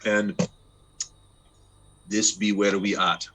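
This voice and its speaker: A man's voice: on the low side, little pitch movement, extremely slow, pushed and bright. A man running a tabletop game as game master, narrating and explaining in a loose, chatty way with many fillers and restarts.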